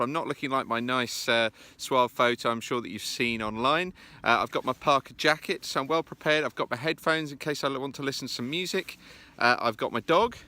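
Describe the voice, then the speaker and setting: Bright-voiced man chatting on a walk. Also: medium pitch. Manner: chatty and self-deprecating, with frequent "uh" fillers. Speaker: business presentation coach. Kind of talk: casual walking vlog. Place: outdoors in the countryside.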